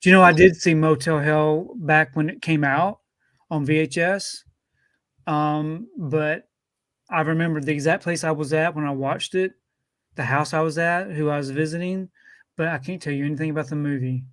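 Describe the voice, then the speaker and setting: A man's voice: fairly high pitch, fairly even intonation, moderate pace, fairly bright tone, no echo. A man as a guest in a casual chat, dry and sarcastic, hesitating with ums as he answers. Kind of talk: casual conversation.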